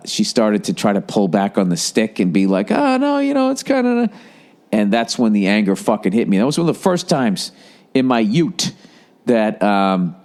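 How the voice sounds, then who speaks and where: A middle-aged man with a lowish voice tells a long story on his podcast. He rambles, swears a lot, and breaks into animated impressions. A cough he can't shake hangs over his talk. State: lingering cough. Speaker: podcast host. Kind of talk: casual storytelling monologue.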